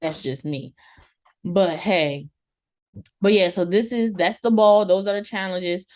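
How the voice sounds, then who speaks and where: A woman co-hosting a casual TV review chat, animated and slangy, often laughing. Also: fairly low pitch, a little slow. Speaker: co-host of a TV review show.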